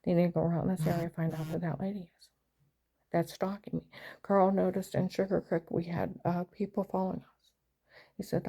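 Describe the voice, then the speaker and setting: A woman's voice: lowish voice, little pitch movement, fairly quick, gravelly, warm tone, rough recording. An older woman rambling through an aggrieved story in a casual monologue.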